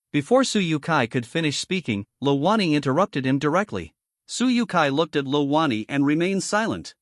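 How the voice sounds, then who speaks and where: A man reads a comic story recap in a steady, scripted way. His voice sits slightly high and moves through a lively range of pitch. The sound is dry and close, with no room echo. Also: moderate pace. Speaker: narrator.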